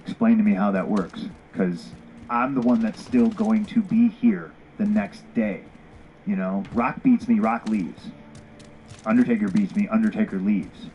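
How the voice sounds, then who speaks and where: A man's voice: lowish voice, fairly even intonation, unhurried, darkish tone, a little hiss or hum, low-quality recording. A man telling a story bluntly with lots of swearing, acting out both sides of old conversations. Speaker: former pro wrestler telling a story. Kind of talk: casual candid storytelling.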